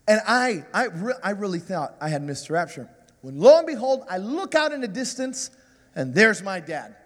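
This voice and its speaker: A man in his forties, a guest preacher telling a self-mocking, animated story in a sermon. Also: high-pitched, normal speed, in a large hall.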